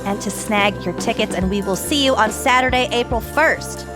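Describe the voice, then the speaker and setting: A woman's voice: fairly high pitch, normal speed, music in the background. A woman co-hosting a casual podcast, chatty and wry. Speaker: podcast co-host. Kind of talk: casual chat.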